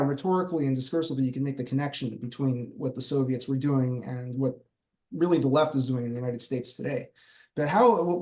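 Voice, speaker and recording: A man's voice: mid-range voice, darkish tone. A man hosting a podcast interview, chatting casually in loose, filler-heavy fragments. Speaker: podcast host.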